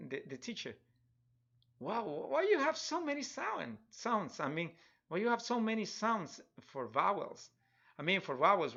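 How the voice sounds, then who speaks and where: Middle-aged man, Spanish accent, rambling live-stream artist; slightly high, bright tone, muffled lo-fi audio. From Spanish-speaking country. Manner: rambling, chuckling, many restarts and fillers. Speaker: digital artist streaming a drawing tutorial. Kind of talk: casual live-stream chat while drawing.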